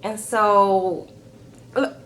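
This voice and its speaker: A woman recapping a reality show in a chatty, animated way, talking straight to her viewers. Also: medium pitch, drawn-out words, slight background noise. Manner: animated, chatty, keeps calling viewers "girl". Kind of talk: casual chat recap.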